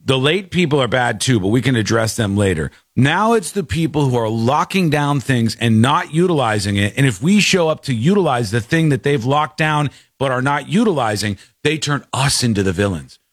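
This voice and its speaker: A man's voice: mid-range voice, animated, moderate pace, few pauses, dry recording, studio quality. A man hosting a talk show, ranting in casual banter with mock outrage.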